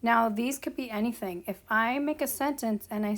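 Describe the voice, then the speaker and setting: A woman's voice: a little high, a bit bright. A woman explaining a grammar lesson as a teacher, patient and checking in with her students as she goes. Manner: slow, patient, checks in with "okay?" and "right?". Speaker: Spanish teacher.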